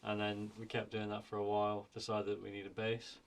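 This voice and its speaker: A man, a drummer, tells his story in a very flat, monotone voice. It is low and gravelly. Faint noise sits under it. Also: brisk. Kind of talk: casual interview answers. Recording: distant mic with faint noise.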